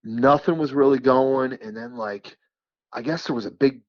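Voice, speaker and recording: A man from New York, a podcast guest, telling a hunting story in a casual, animated way, repeating words for emphasis. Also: mid-range voice, normal speed, dry recording, lo-fi sound. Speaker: podcast guest, turkey caller.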